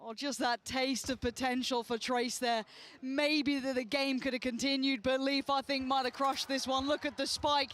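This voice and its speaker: High-voiced excitable male esports caster. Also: moderate pace. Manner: excitable, shouts at big plays. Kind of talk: esports commentary.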